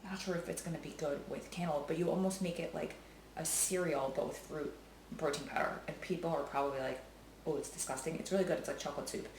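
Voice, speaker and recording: A woman talking casually to her vlog viewers in a chatty, rambling way, full of fillers and quick to joke and laugh. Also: sits low, steady tone, a little mellow, a little hiss or hum, poor audio. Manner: laughs easily, jokey. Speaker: vlogger.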